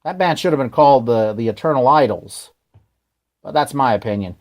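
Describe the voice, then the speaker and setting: A man's voice: mid-range voice, expressive, fairly quick. A man hosting a radio show, talking casually in a rambling, hesitant way and often correcting himself.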